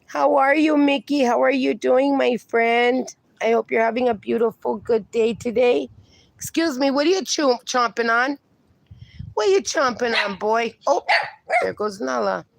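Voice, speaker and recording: A woman livestreaming in a casual, chatty way, talking to her dogs and to her viewers, her voice going hoarse. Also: fairly high pitch, moderate pace, no room sound. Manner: chatty, talks to her dogs and reads viewer comments aloud.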